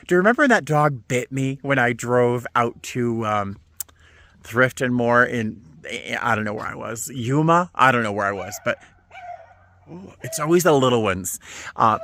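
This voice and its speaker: A man rambles cheerfully while filming himself on a stroll through the desert, breaking into delighted exclamations. He talks casually and warmly to his viewers. His voice sits at an ordinary pitch, recorded outdoors on a handheld camera. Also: no echo. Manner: chatty, easily delighted, exclaims often. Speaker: vlogger. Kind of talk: casual walking vlog.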